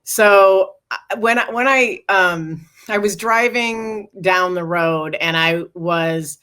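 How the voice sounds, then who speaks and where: A woman's voice: medium pitch, slow. A middle-aged woman, a guest author and speaker, earnestly recounting a personal story in an interview. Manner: earnest, animated retelling with acted quotes.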